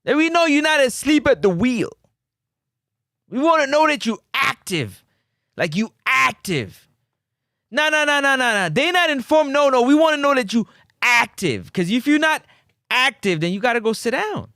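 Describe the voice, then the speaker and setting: Man, sports talk host, lively swooping pitch, slow easy pace, smooth clear voice, dry close sound. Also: no echo. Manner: animated, banters with live chat. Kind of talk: casual livestream chat.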